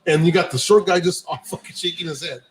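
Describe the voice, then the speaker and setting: The recording is low quality. On it, a podcast host with a slightly high voice and quick pace tells a long, profane story in a casual, animated manner, acting out the dialogue in quotes.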